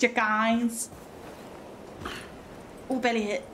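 A young British woman with a British accent giving excitable, gushing, chatty commentary while playing a video game. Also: a little high, slow pace, pauses often, slight background noise. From Britain. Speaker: gaming streamer. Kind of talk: casual gameplay commentary.

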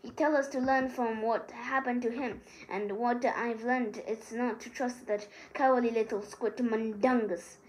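A woman's voice: fairly high pitch, fairly even intonation, normal speed, few pauses, natural voice, poor audio. A woman doing a wry teenage boy wizard. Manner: wry, offhand.

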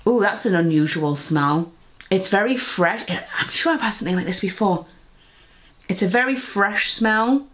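A woman's voice: medium pitch, moderate pace, slight background noise. A young woman chatting casually while unboxing beauty products, rambling with lots of fillers. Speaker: beauty vlogger.

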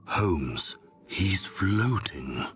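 A dutiful, easily spooked sidekick. His voice is very low and plodding, stating the obvious with nervous seriousness, over faint game music. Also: sing-song, very slow, a bit bright, exaggerated voice. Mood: scared. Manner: plodding, nervous, matter-of-fact. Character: timid, dutiful male sidekick to a detective. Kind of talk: video game voice acting.

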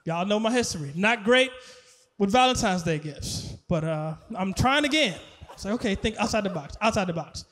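A man performing a stand-up comedy set on stage, animated, laughing and shouting at his punchlines. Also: sits high, normal speed. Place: comedy stage before a live audience.

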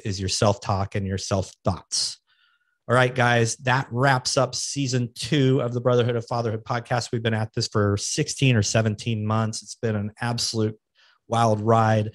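A man's voice: fairly low pitch, no echo, clean studio sound. A man in his thirties hosting a podcast, giving casual motivational talk in a plain-spoken way. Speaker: podcast host.

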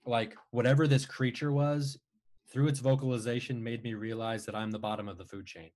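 A man casually telling a long personal story, rambling with frequent restarts and animated retellings. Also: mid-range voice, brisk. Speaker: guest storyteller.

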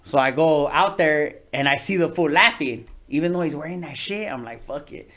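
A man's voice: a little high, moderate pace, a bit bright. A man from California with a Chicano accent, a comedian guest telling stories in casual, slangy, profane podcast talk. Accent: Chicano English. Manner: streetwise slangy storytelling, swears a lot, acts out voices. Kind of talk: casual podcast interview storytelling.

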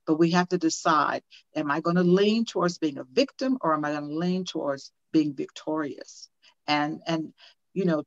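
A woman's voice: sits low, highs cut off. An older woman and motivational speaker, talking as an interview guest and telling personal stories in an earnest, preacher-like way.

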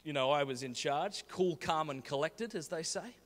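A man with an Australian accent giving a talk, telling humorous stories in an animated, jokey way with Australian slang. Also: a little high, normal speed. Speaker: conference speaker. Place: large conference hall. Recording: echoey large hall.

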